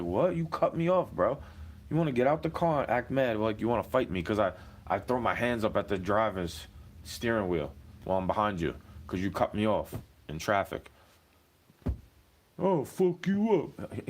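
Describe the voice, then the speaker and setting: A man ranting to the camera in a heated, profane, rambling monologue. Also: on the low side.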